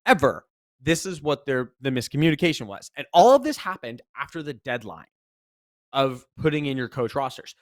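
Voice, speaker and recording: A man co-hosting a casual podcast, telling a story with animation, rising loud when exasperated and swearing freely. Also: medium pitch, expressive, a little fast, no echo, clean studio sound. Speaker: podcast co-host, esports commentator.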